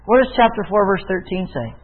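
A man with a high voice preaches and tells his own testimony with earnest conviction. He keeps firing rhetorical questions at the listeners. The sound is thin and narrow, like a phone line. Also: big pitch swings, a little fast. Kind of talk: sermon with personal testimony.

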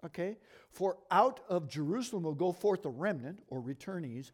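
A middle-aged man teaching from scripture to a congregation in a lively, conversational way, asking the room questions as he goes. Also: high-pitched. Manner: lively, conversational, talks fast and asks the audience questions. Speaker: bible teacher.

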